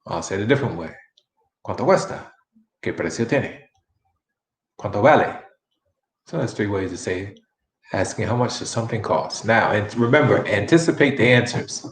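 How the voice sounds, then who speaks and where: A man's voice: lowish voice, expressive, normal speed, long pauses. Chatty man teaching Spanish, echoey room. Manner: chatty, repeats phrases many times for practice. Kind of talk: live-streamed language lesson.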